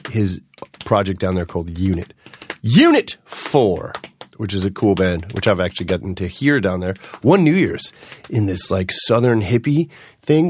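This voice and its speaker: A man with a fairly low voice hosts his podcast in a loose, rambling monologue. He swears freely and jumps from topic to topic with animated energy. The sound is close and dry, with no room around it. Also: no echo. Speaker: podcast host.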